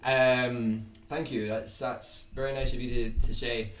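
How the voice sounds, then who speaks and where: A young Scottish man with a toned-down accent, chatting casually to viewers on his guitar livestream in a relaxed, rambling way, often restarting his words. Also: mid-range voice, measured pace, distant mic. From Scotland. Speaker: guitar YouTuber hosting a livestream. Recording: roomy sound from off the mic, faint background hiss.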